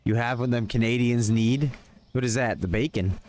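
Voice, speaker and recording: A man's voice: mid-range voice, moderate pace, a little mellow. A man live-streaming a game, chatting casually with viewers and calling out in-game orders between questions to chat. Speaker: livestreamer.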